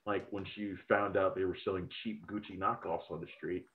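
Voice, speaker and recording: Low-voiced man on a tinny line. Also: fairly quick. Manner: rambling, profane, animated opinions. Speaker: film critic podcast host. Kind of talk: casual review chat.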